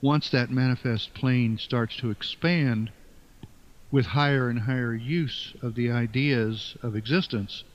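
Halting man musing in muffled lo-fi sound. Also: mid-range voice, steady tone. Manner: halting, repeats words while searching for phrasing. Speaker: interview guest, writer and musician. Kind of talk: reflective conversational interview.

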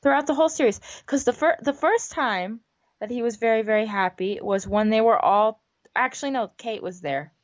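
A woman's voice: fairly high pitch, lively intonation, moderate pace. A woman co-hosting a podcast, chatting casually with wry questions and asides. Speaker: podcast co-host. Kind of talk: casual chat. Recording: dull lo-fi recording.

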